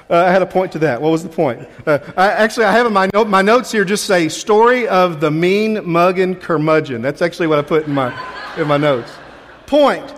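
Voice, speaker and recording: High-voiced pastor telling a story in a hall. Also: male voice. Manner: storytelling, chatty, self-deprecating, with restarts. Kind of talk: sermon with a personal story. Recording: long reverb of a large hall.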